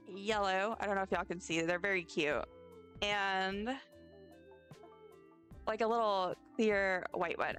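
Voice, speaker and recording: A woman's voice: mid-range voice, fairly bright tone. A young woman streaming a game, chatting casually and rambling effusively, often stumbling over her words. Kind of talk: casual live-stream chat. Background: faint game music.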